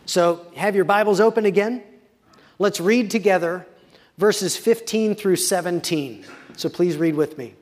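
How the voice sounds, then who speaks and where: A man preaching a sermon as a pastor, reading scripture slowly with quiet, dramatic pauses. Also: high-pitched, in a large hall.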